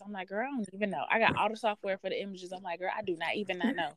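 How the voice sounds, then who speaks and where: A woman hosting a podcast, telling a workplace story in a blunt, profane, sassy and animated way. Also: medium pitch, racing, a crowd in the background. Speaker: podcast host. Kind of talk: casual storytelling rant.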